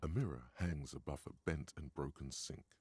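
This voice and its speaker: A man's voice: a bass voice, normal speed, a little mellow, a little hiss or hum. A man voicing a grave narrator in a video game, telling the scene in a dry, grimly witty way.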